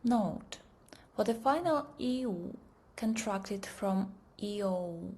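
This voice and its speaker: A woman narrating a pronunciation lesson in a measured, deliberate way, often trailing off into a whisper. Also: mid-range voice, animated, darkish tone. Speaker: language teacher. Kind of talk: slow scripted lesson narration.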